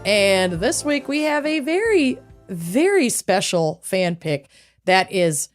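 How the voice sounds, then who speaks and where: A woman's voice: mid-range voice, very animated, takes it slowly, soft background music. A woman co-hosting a podcast, chatting casually in a blunt, profane, joking way. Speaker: podcast co-host. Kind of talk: casual chat.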